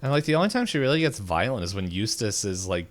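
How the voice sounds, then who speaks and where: A man's voice: lowish voice, big pitch swings, fast talker. A young man co-hosting a podcast in casual chat, rambling with many fillers and restarts. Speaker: podcast co-host.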